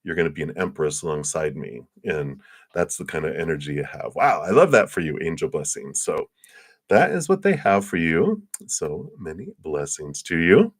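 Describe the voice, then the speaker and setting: Man, very low voice, tarot reader, live stream, excitable, rambling. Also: normal speed, husky. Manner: excitable and chatty, many fillers.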